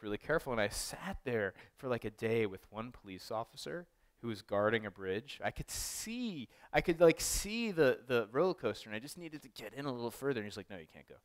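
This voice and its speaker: A man giving a casual, anecdotal artist talk as a photographer, rambling with many fillers and restarts. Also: mid-range voice. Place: art gallery talk.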